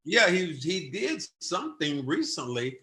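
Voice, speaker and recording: A man's voice: on the high side, measured pace. An older man hosting a podcast in casual chat, telling stories and acting out quotes with gusto. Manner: animated storyteller, acts out quotes loudly. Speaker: podcast host.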